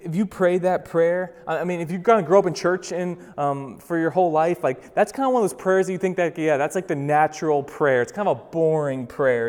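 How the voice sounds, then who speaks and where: Young male pastor, sermon; casual and dynamic, loud then soft, in an echoing sanctuary. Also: fairly high pitch. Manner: swings from loud urgent bursts to slow hushed emphasis; conversational, with fillers and restarts. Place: church sanctuary. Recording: long reverb of a large hall.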